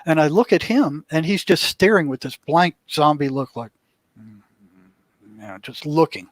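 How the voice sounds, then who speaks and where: A man's voice: on the high side, animated, moderate pace, no echo. An older man, a guest in an interview, telling a story casually and acting out what people said along the way. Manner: vivid storyteller who acts out what people said. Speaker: interview guest, former prison mental health worker.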